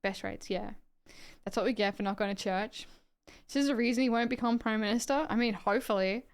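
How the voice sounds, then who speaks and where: An Australian woman on a live stream talks in a loose, rambling way. She reacts to her chat and swears without a second thought. Her voice is smooth and clear and sits a little high. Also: a little fast.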